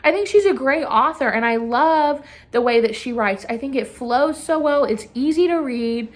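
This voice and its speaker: A woman's voice: high voice, lively intonation, normal speed. A young woman chatting casually as a book reviewer, filling her talk with constant "like"s. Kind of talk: casual chat.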